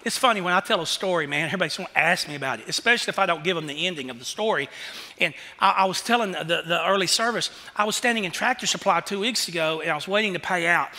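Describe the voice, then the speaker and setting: A man's voice: high-pitched, sharp tone, long reverb tail. A man preaching a sermon as pastor, telling stories in a conversational way.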